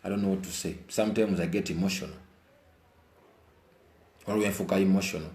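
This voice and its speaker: Speaking fast in a steady, slightly mellow tone, a Ugandan man shares his views in an informal monologue. He repeats phrases to stress them and swings from brooding murmurs to heated bursts, all in an echoey room.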